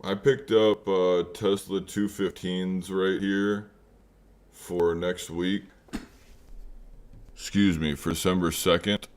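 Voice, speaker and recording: Deep and darkish, the man's voice stays flat and slow, with frequent pauses. He's hosting a live trading stream, rambling casually with many fillers and calling out chat members by name.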